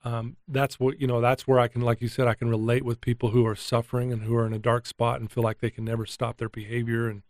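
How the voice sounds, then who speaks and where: A man's voice: medium pitch, fast talker, few pauses, no echo, studio quality. Earnest man telling a heartfelt story. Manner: earnest, emotional, animated retelling. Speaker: guest, addiction recovery coach. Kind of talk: candid storytelling interview.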